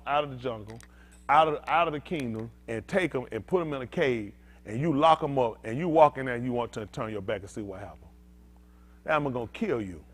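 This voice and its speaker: Pastor guy preaching loose and animated, high voice all over the place, aave. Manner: animated, conversational, swings from loud to quiet. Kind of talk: informal preaching to a congregation.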